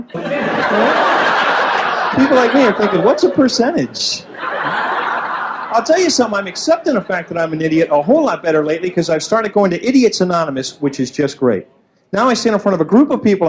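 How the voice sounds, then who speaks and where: Goofy high-voiced stand-up comic, man. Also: very animated, fast, background noise. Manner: goofy, self-mocking, slips into silly voices for quoted people. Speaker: stand-up comedian. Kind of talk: stand-up comedy routine. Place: comedy club stage before a live audience.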